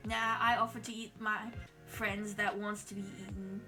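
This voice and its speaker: A woman streamer puts on an Australian accent through a congested throat, playfully chatting and scolding her chat in a casual live stream. Her voice sits at medium pitch with a level tone and moderate pace. Music plays in the background.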